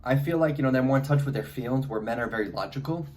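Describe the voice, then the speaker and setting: Young man, stuffy with a head cold, loose advice monologue full of fillers and restarts, mid pitch. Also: fast talker, a little mellow. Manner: rambling, many fillers and restarts. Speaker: vlogger.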